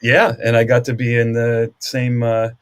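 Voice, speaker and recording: A man, a guest musician, chatting casually in a halting way full of small restarts. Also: mid-range voice, completely flat delivery, clean tone. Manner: chatty, halting, with fillers and laughs. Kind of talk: casual chat.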